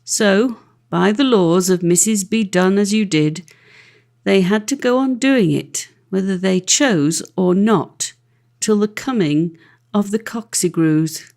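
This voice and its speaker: A woman narrating a classic fairy-tale audiobook with an expressive, lively reading. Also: medium pitch, slow pace. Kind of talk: storybook narration.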